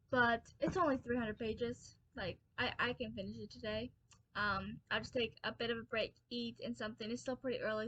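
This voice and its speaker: A tired young woman rambles casually to the camera about her reading, full of "um"s, restarts and self-deprecating laughs. Her voice sits a little high and comes across bright and crisp, recorded close and dry with no room around it. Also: no echo. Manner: rambling, many fillers and restarts, laughs at herself. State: tired, early-morning exhausted. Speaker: book vlogger.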